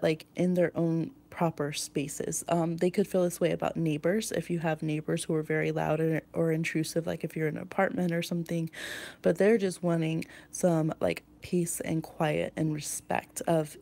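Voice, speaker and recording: A woman's voice: fairly low pitch, vocal fry, warm tone. A woman giving a pick-a-card tarot reading in a rambling, intuitive way, with many fillers.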